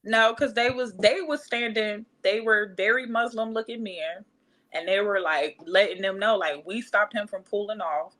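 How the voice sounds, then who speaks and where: A woman's voice: mid-range voice, normal speed, a bit bright. A woman, candidly telling a personal story in casual podcast chat and acting out other people's voices. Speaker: podcast co-host.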